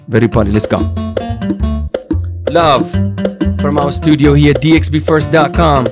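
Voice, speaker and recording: A man's voice: fairly high pitch, measured pace, vocal fry, loud music behind the voice. Hyped-up man hosting a chat show. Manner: hyped, motivational, joking. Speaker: show host. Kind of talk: upbeat casual chat show. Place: studio.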